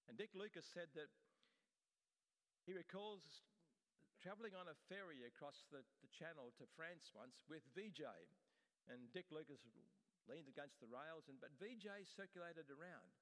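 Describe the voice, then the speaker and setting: A man's voice: on the high side, animated, moderate pace, fairly bright tone. A man from Australia preaching a sermon in a conversational way, often restarting his phrases. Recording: long hall reverb.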